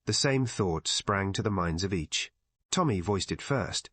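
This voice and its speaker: A man narrating an audiobook novel with measured, scripted storytelling. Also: sits low, expressive, fairly bright tone, husky, no echo. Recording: dry close recording.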